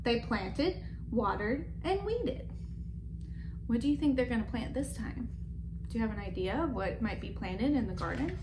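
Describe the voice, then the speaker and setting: Female storyteller for a kids' read-aloud; gentle, questioning the children, high voice, roomy recording with faint noise. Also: lively intonation, normal speed. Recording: echoey room with faint background.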